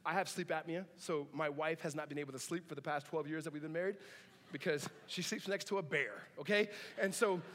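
High-voiced man preaching in a reverberant hall. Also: brisk, a bit bright. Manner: conversational and joking, with asides and laughs. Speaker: pastor. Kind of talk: sermon. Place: church sanctuary.

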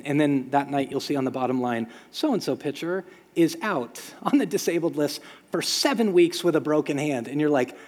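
A man preaching a sermon as pastor, telling stories with lively sound effects. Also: fairly high pitch, normal speed, in a large hall. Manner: storytelling, animated with sound effects.

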